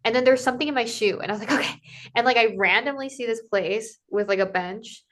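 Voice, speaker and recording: A woman's voice: on the high side, fast. Chatty woman telling a travel story. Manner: animated, acts out quoted dialogue, many "like" fillers. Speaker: podcast guest, Camino pilgrim. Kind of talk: casual conversational storytelling.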